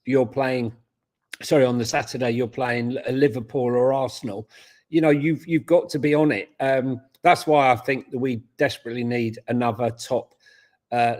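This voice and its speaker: A man co-hosting a casual football watchalong, blunt and excitable, swearing at missed chances. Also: medium pitch. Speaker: co-host.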